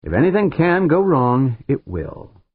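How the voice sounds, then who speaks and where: A man's voice: on the high side, sing-song, a little slow, breathy edge, no echo, pitched above the performer's own voice, heavily acted. A man narrating an audiobook voices a wary, grumbling ship owner who growls his doubts. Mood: grudging. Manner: growling, grudging. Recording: narrow phone-like sound, dry.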